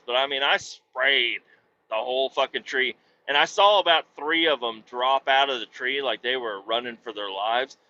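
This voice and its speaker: A man hosting a podcast, telling a profane, animated story and acting out voices with sudden loud yelps. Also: medium pitch, lo-fi sound. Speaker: podcast host. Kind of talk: casual storytelling monologue.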